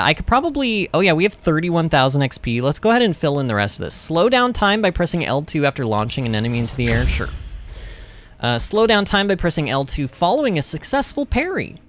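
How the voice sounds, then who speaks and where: A man streaming a video game, chatting excitedly and talking back to the game. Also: fairly high pitch, slight background noise. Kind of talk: gameplay commentary.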